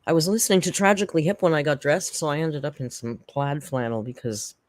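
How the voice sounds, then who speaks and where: A woman's voice: low-pitched, fast, dry recording. A woman hosting a casual livestream from home, rambling and chatty as she thanks chat members, on a desk microphone. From Canada. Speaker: livestream host.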